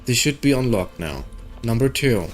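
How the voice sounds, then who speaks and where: A man's voice: mid-range voice, very animated, moderate pace, faint music behind. A young man chatting casually and joking while playing a game, reading its dialogue aloud. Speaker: gaming video creator.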